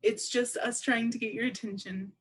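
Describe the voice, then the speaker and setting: A woman with a somewhat high voice gives spoken English to a deaf presenter's signing at a seminar. She talks in a steady, measured way, laying out each point clearly. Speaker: sign language interpreter voicing a deaf presenter.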